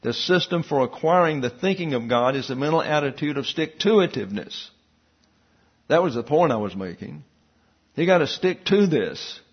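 A man's voice: a little high, expressive, normal speed, husky, highs cut off. A man preaching a Bible teaching sermon, explaining verses and tossing in asides and questions to the congregation. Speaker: pastor.

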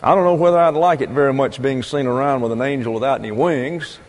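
A man's voice: mid-range voice, fast talker, a little mellow, close to an everyday voice. A man voicing a despairing, sarcastic man at the end of his rope in a retold film story. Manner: sarcastic, agitated. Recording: long reverb.

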